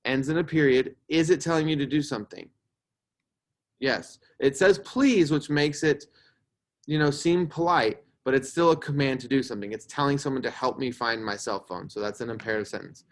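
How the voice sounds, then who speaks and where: Young guy teaching a class, patient explainer, middle pitch, keeps saying right?. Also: a little fast. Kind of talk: classroom grammar lesson.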